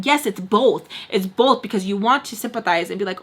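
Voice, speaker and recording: Animated young woman telling a storytime. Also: medium pitch, fairly quick, slight background noise. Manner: animated, profane, acts out the people in her story. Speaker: vlogger telling a personal story. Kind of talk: casual storytime vlog.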